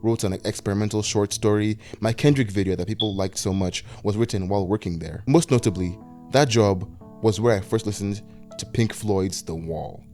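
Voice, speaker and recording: A man in his twenties from Nigeria, narrating a reflective personal video essay in a soft-spoken way. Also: lowish voice, normal speed, soft background music. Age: 20s.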